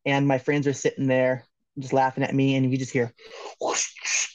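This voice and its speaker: A man's voice: medium pitch, monotone, fairly quick, a little mellow, dry recording, rough recording. A man from Los Angeles, a podcast guest, telling a story in a loose, joking way, laughing often and swearing. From Los Angeles, California. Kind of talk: casual storytelling.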